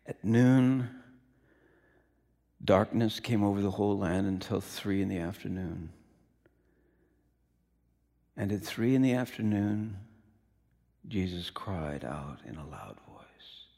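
A male pastor preaching a sermon in a dramatic, emphatic way that swings between loud and quiet. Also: lowish voice, gravelly.

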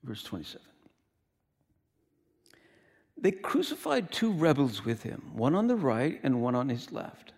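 A male pastor preaching a sermon in a dramatic, emphatic way that swings between loud and quiet. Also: medium pitch, big pitch swings, moderate pace.

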